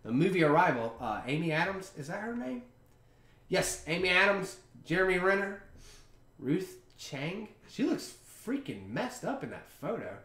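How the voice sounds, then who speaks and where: Lively, rambling young podcast guy. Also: high voice, normal speed. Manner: rambling, offhand, drinking beer. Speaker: podcast host. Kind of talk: casual chat. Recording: roomy echo.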